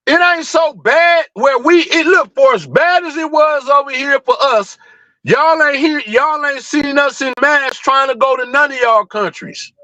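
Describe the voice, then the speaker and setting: Fired-up high-voiced man ranting. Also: measured pace, pushed and bright, dry recording, poor audio. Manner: fired-up, blunt, profane, rhetorical questions. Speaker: livestream host. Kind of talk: heated livestream rant.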